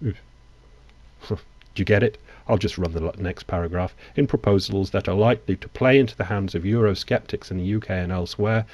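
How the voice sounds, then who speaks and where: A man reading news articles aloud and adding blunt, sarcastic commentary, with halting restarts. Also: low voice, a little mellow, no room sound. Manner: blunt, sarcastic asides between read-out quotes; loose delivery with halting restarts. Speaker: economic commentary host.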